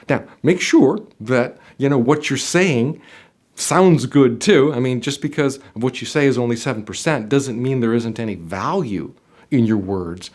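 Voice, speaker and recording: A man giving job interview advice to the camera. His pitch rises and falls a lot, and he swings from loud to soft to show his point. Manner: animated, varies loudness and softness for demonstration. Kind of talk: instructional video talk to camera. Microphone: on camera, speaking to viewer.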